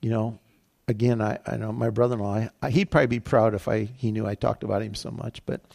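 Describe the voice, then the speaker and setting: Gravelly-voiced man preaching casually. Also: lowish voice, fairly even intonation, fast talker, a little mellow. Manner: casual, conversational preaching with many fillers. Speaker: pastor. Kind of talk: sermon.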